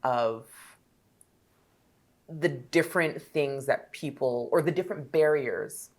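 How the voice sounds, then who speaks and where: A woman's voice: rumbling low, takes it slowly, a little mellow. A woman from Jamaica with a standard North American accent, a podcast guest speaking in an articulate, reflective and candid way. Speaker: guest, travel journalist. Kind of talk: casual conversational interview.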